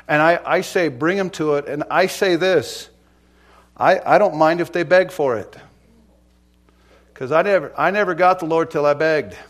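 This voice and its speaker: A male pastor delivering a sermon in a slightly high voice. He is emphatic and earnest, jumping from loud declarations down to hushed, pleading questions that he repeats to drive them home.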